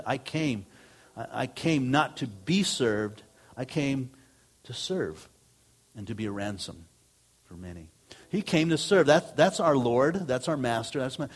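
A middle-aged man, a pastor, preaching a sermon in a conversational way, rising on emphatic lines and dropping low on asides. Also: slightly rough.

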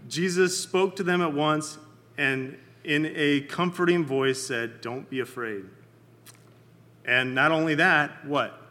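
A man leading a Bible study in a casual, conversational sermon, often checking in with his listeners and pausing with fillers. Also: on the high side, sharp tone, long reverb tail. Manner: halting, many fillers and restarts.

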